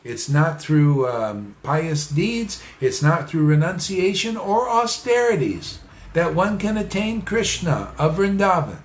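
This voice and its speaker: A man's voice: on the high side, very animated, slow. Emphatic man teaching in an echoey room. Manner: repetitive, emphatic, laughs often, addresses listeners directly. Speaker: spiritual teacher. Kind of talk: informal religious talk.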